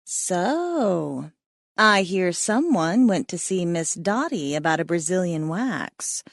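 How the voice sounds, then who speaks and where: A woman narrating a comic romance audiobook in a playful, expressive way. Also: fairly low pitch, slow, dry recording, studio quality.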